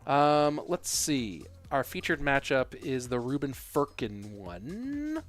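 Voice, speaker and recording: A man with a slightly high voice casts a live esports stream, talking loosely and answering chat questions off the cuff. He fills his pauses with ums and uhs, and faint music plays underneath. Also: fairly bright tone. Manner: casual, answers chat questions with frequent fillers.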